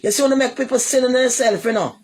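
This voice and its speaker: A livestreamer with a Jamaican accent rants to viewers, rambling and looping back repeatedly while insulting commenters bluntly. She talks fast, in a voice on the high side with a darkish tone.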